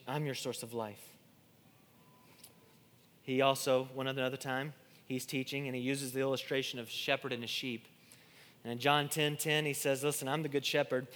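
A man preaching a sermon, swinging between loud declarations and hushed, intimate lines, often repeating and restarting words. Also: medium pitch. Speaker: pastor. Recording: long hall reverb.

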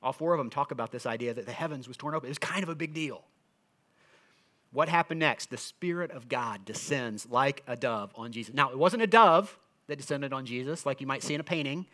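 A middle-aged man preaching with a bright, forceful voice. He speaks earnestly and conversationally, often restarting his phrases as he explains scripture to his listeners. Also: medium pitch, expressive, brisk. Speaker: pastor. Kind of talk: sermon.

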